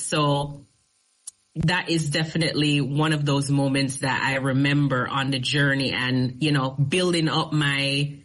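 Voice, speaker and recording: A woman's voice: low-pitched, low-quality recording. A middle-aged woman, an attorney telling her story in a casual interview and building up emphasis as she goes. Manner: storytelling, animated retelling with rising emphasis. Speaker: attorney, guest.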